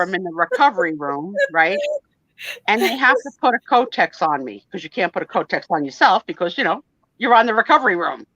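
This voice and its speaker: Speaking a little fast in a mid-range voice, this woman is a guest on a live vintage photo sale stream. She shares funny, self-deprecating personal stories with animated energy, doing the voices of the people in them, on a low-quality recording without echo.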